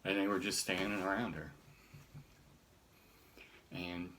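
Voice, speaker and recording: A middle-aged man telling a personal story in a halting way, often restarting his sentences. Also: deep voice, little pitch movement, pushed and bright, a little hiss or hum.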